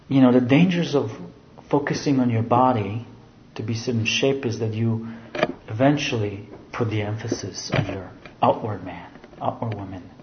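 A man's voice: medium pitch, noisy background. A man preaching a sermon who explains scripture and keeps restating his phrases. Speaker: pastor. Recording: roomy, dull sound.

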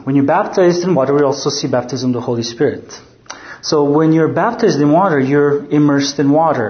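A man preaching a measured, explanatory verse-by-verse sermon, often posing rhetorical questions. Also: on the high side, echoey room, highs cut off.

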